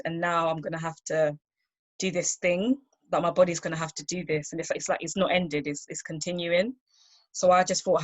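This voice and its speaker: A woman with a low voice speaks softly and haltingly, often pausing and restarting her sentences. She tells her own story over a video call. The sound is dry and close. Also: no echo. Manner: soft, halting, full of fillers and restarts. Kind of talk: personal testimony on a video call.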